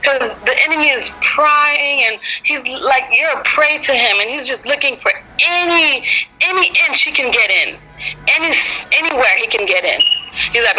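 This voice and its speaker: A woman's voice: high-pitched, expressive, moderate pace, pushed and bright, a little hiss or hum, rough recording. A woman teaching a women's Bible group, earnest and rambling, with lots of "you know" fillers. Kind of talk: informal devotional teaching.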